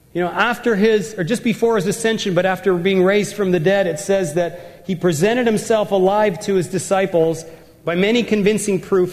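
A man's voice: high voice, a little mellow, in a large hall. A man preaching a sermon, emphatic and repetitive, driving home his points. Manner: emphatic, repeats words for effect. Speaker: pastor.

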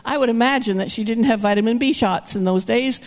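An older woman preaching with lively, storytelling energy, her voice pitched a bit high. She acts out the people in her stories, swinging from shouts to hushed asides. The sound carries the long reverb of a big hall. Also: fairly quick. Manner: animated, acts out characters with shouts and whispers. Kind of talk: sermon storytelling.

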